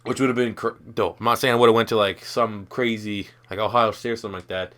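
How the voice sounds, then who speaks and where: Talking fairly quickly in a steady, slightly bright, lowish voice, a young man from Canada narrates his own football video game. The casual gameplay commentary from this gaming YouTuber is loose, rambling, and full of profanity.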